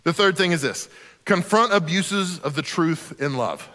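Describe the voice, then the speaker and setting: A male pastor preaches in a somewhat high voice, earnest and conversational, often stumbling over the first word of a sentence. His voice rings out with a long reverb from a church hall. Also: expressive, unhurried, sharp tone, slight background noise. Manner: earnest, conversational, repeats words when starting sentences. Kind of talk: sermon.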